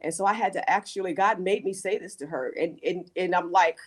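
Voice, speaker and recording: A woman's voice: on the low side, fast talker, few pauses. Earnest woman pastor sharing testimony. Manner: earnest, repeats words and restarts, faith language. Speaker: pastor, guest. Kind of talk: testimony in casual talk.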